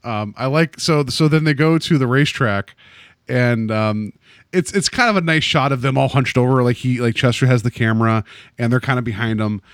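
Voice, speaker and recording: A man's voice: mid-range voice, normal speed, dry recording, clean studio sound. A man chatting casually about an episode, rambling with lots of "like" and "um". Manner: rambling, heavy use of "like" and "um". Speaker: podcast co-host. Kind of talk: casual chat.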